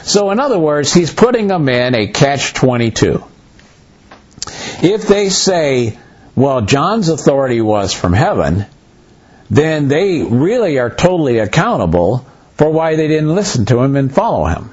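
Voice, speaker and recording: A man teaching a Bible study in an easygoing, conversational way, his pitch leaping up and down as he tells a story. His voice has a husky, slightly raspy edge. The recording is muffled and lo-fi. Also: measured pace. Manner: animated storyteller, voices dialogue, loose restarts.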